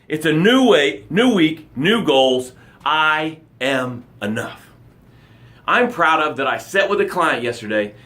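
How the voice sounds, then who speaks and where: Upbeat motivational coach, man. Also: on the high side. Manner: energetic, animated, reads viewer comments aloud. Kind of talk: live motivational broadcast.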